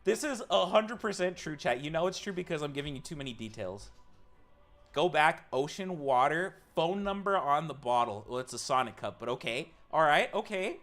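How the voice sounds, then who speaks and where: A man's voice: a little high, animated, normal speed, fairly bright tone. A man streaming live, casually telling a long story to his chat, swearing freely and acting out the people he quotes.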